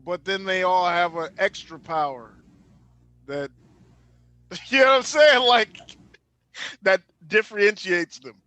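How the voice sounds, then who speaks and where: A man's voice: high voice, takes it slowly, long pauses, bright, forceful tone, no room sound. A man co-hosting a casual podcast, laid-back and steering the conversation along. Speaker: podcast co-host.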